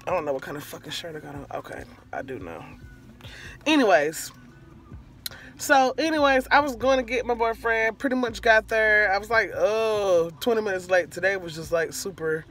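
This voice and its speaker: Young woman ranting on her vlog, swears a lot, keeps getting sidetracked, bright forceful voice. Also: medium pitch, animated, moderate pace, soft background music. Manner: rambling, profane, easily sidetracked. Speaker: vlogger. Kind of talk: casual storytime rant.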